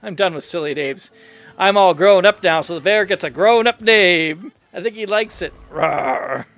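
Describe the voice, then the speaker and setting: A man's voice: high voice, moderate pace, fairly bright tone, no room sound. A man casually playing through a story game, playfully reading every character's dialogue aloud in his own voice. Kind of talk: casual game playthrough commentary.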